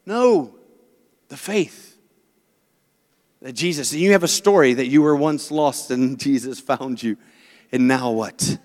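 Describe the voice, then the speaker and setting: A man preaching a sermon as pastor, telling stories with animated voices for the people he quotes. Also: mid-range voice, measured pace, long pauses, in a large hall.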